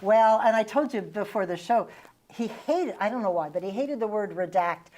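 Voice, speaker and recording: A middle-aged woman with a Vermont accent hosts a relaxed interview. She talks conversationally, recalls old stories and laughs readily. Her pitch sits in the middle range for a woman. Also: normal speed, background noise. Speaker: host and former legislator. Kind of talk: casual interview chat.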